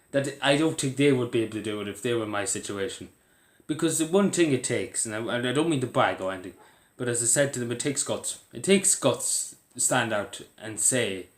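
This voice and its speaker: Irish man, casual vlogger, earnest and rambling, mid-pitched, roomy echo. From Ireland. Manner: rambling, earnest, with many fillers and restarts. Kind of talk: casual talk to camera.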